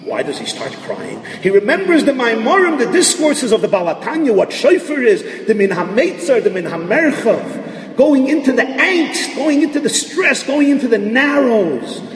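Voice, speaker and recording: A man giving a lecture on Jewish thought, dense with Hebrew and Yiddish terms, swinging from hushed tones to shouted emphasis. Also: extremely high pitch, big pitch swings, normal speed. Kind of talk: lecture to an audience. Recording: echoey hall from far off, faint noise.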